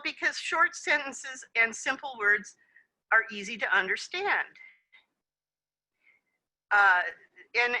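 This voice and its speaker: A woman's voice: fairly high pitch, pushed and bright, rough recording. A woman presenting a conference session over a video call, explaining in a friendly way with some fillers. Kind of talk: webinar presentation.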